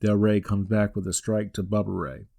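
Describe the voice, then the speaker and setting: A man in his forties hosts a podcast, walking through events in a steady, scripted play-by-play with the odd dry aside. His voice sits on the low side and sounds dark and mellow. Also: moderate pace, vocal fry. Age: 40s. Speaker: wrestling podcast host. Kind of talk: scripted recap narration.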